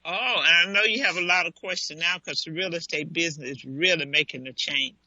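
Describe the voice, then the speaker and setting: A woman's voice: deep voice, brisk, pushed and bright, no echo. A woman hosting a live internet radio talk show, chatting playfully and talking straight. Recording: dull dry lo-fi audio.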